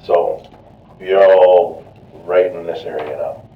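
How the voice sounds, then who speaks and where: A man working as a detective, questioning a suspect in short, calm prompts. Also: low-pitched, takes it slowly. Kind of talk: police interrogation questioning. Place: police interrogation room. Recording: echoey, distant, lo-fi room with faint noise.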